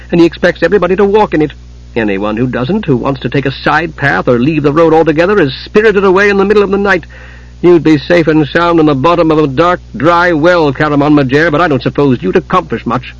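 A man voicing a fiery husky innkeeper woman. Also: a little high, lo-fi sound. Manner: bitter, indignant tirades. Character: young adult woman innkeeper, fiery and outspoken.

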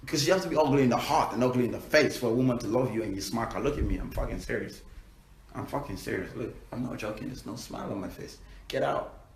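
A man's voice: mid-range voice, quick pace, vocal fry, roomy sound, a little hiss or hum. A man with a Nigerian accent, a musician giving brash, profane, playful advice in a casual vlog.

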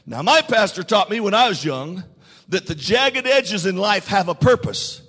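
A pastor preaching a sermon to his congregation. His voice sits high and swings widely as he presses the crowd and leads call-and-response. The sound rings with the long reverb of a church sanctuary. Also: expressive, moderate pace, fairly bright tone, slightly rough. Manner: preaching with rising intensity and call-and-response prompts.

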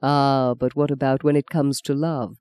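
A reader voicing Arthur, a suave man who speaks slowly and coaxingly, with a theatrical touch. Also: medium pitch, warm tone, no echo, close to an everyday voice.

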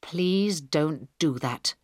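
A tense female prime minister gives orders in a crisis, read by a woman narrator. She speaks loudly and urgently, with a firm, commanding edge. The delivery is unhurried and deliberate. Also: sits low, expressive, husky, no echo, clean studio sound, heavily acted.

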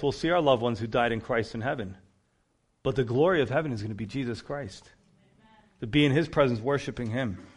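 A man preaching a conversational sermon, reading scripture aloud with rising emphasis between plain talk. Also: medium pitch. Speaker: pastor.

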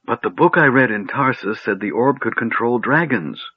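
A man voicing a curious, cheeky male kender who talks in a bright, chatty, inquisitive way, recorded on a narrow phone-like line. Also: on the low side, sing-song, normal speed, breathy edge, no echo, voice pushed up, full character voice.

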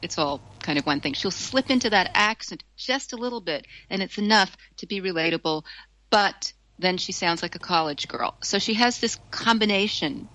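Bright-voiced woman chatting on radio. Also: medium pitch, expressive, moderate pace, poor audio. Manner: chatty, hesitant restarts, laughs often. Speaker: radio guest commentator. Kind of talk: casual radio discussion.

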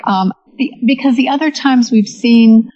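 A woman's voice: on the high side, unhurried, warm tone. A woman in a casual chat, thoughtful and rambling with restarts. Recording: dull lo-fi sound.

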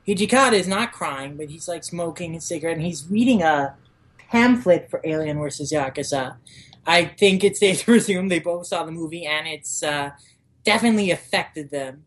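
A man's voice: fairly high pitch, expressive, moderate pace. A young man co-hosting a podcast, casually recapping a manga chapter and slipping into playful character voices. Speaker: podcast co-host.

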